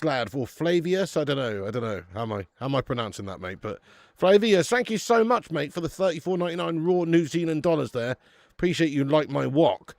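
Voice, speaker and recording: A man's voice: fairly high pitch, no echo, clean studio sound. A man hosting a live football watch-along, chatty and laddish, swearing and calling viewers mate and lad. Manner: bursts out loud at match chances.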